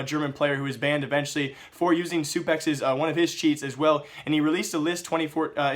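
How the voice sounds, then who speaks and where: Fast, flat-voiced man with a sick voice. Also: fairly high pitch. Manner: rapid, flat delivery. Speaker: esports news host. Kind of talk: fast scripted news roundup.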